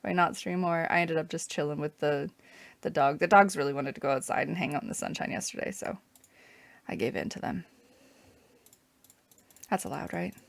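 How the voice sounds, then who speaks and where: Woman from Canada, game streamer, chatty rambling commentary, low-ish voice, dry close sound. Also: lively intonation, normal speed, gravelly, pauses often, no room sound. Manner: chatty, rambling, wry asides.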